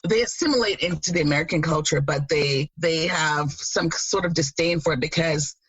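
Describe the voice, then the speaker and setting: A woman in her thirties from Jamaica, co-hosting a podcast and chatting casually, an animated storyteller who laughs often. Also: low voice, normal speed, slightly rough, dry recording, rough recording. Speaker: podcast co-host. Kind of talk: casual chat.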